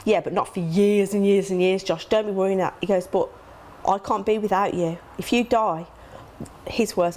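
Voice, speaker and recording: A woman's voice: fairly even intonation, moderate pace, darkish tone, a little hiss or hum. Woman speaking candidly and emotionally. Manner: emotional, acts out quoted dialogue with sudden high gasps. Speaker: interview guest, grieving mother.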